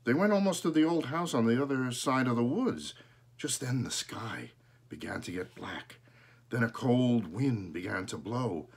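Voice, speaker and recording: A man reads a children's picture book aloud with an expressive, lively delivery. His voice has a husky, breathy grain and a mid-range pitch that rises and falls freely. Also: normal speed. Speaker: storyteller.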